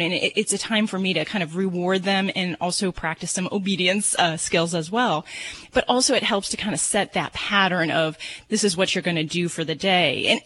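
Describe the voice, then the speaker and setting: A woman with a Chicago accent, a veterinarian giving casual, measured advice on a radio show. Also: lowish voice, fairly bright tone, rough recording. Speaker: veterinarian co-host.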